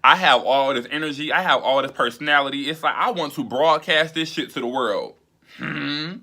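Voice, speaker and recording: A man's voice: fairly high pitch, normal speed, bright, forceful tone. A young man talking straight to camera in a casual vlog, emphatic and profane, often rising into exasperated rants. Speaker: YouTuber host.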